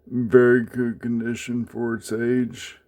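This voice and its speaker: A man casually talking through his coin collection in a home vlog, halting with many fillers as he handles each piece. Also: medium pitch, completely flat delivery, a little mellow. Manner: unhurried, many fillers, speaks haltingly while handling items. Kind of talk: casual show-and-tell vlog.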